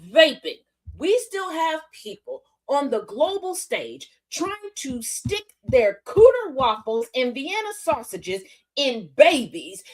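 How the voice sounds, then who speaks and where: A woman hosts a news commentary stream with a sassy, animated delivery, slipping into mimicked voices as she retells events. Her voice sits high. It jumps and dips with lively swings in pitch. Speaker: host.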